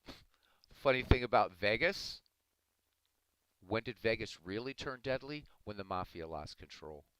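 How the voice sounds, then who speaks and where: A man's voice: on the low side, expressive, unhurried, fairly bright tone, clear, resonant tone, no echo, low-quality recording. A man who says he is Irish, streaming live and arguing back at his chat in a casual, combative way. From Ireland. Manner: argumentative, talking back to chat.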